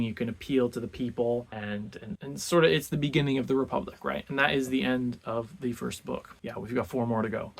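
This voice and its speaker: A man's voice: mid-range voice, gravelly. A man hosting a book club, casually retelling an ancient history book and acting out the figures' lines in everyday modern speech. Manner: animated storyteller, acts out quotes in a casual modern voice.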